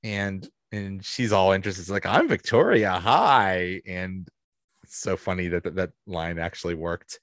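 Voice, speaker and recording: A man's voice: deep voice, monotone, moderate pace, dry recording. A man hosting a podcast, recapping a favorite episode enthusiastically and rambling with restarts. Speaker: podcast host. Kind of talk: casual episode review.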